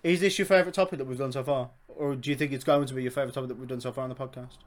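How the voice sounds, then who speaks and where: A young man from Birmingham with a broad Brummie accent hosts a loose podcast chat. He talks fast and swears freely at a middling pitch, with a cheerful teasing edge. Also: fairly even intonation. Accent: Birmingham English. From Birmingham, England. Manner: fast-talking, sweary and laughing. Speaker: podcast host. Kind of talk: casual chat.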